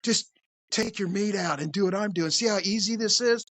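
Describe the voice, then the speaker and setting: A man's voice: sits high, moderate pace, a bit bright, no room sound, pitched above the performer's own voice. A man voicing a creepy middle-aged man who talks in a coaxing, sing-song way. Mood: wheedling.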